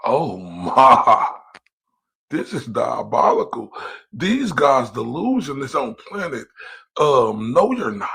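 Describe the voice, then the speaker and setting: Gravelly, taunting man ranting on stream. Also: mid-range voice, sing-song, measured pace, a bit bright. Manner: profane, taunting, confrontational. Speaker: livestream host. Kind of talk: heated livestream rant. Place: lives in Dallas, Texas.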